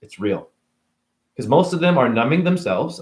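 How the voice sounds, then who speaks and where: Brief: cursing spiritual vlogger man, lively high-ish voice, roomy sound. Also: measured pace. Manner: ranting, profane, sarcastic. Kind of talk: spiritual rant to camera.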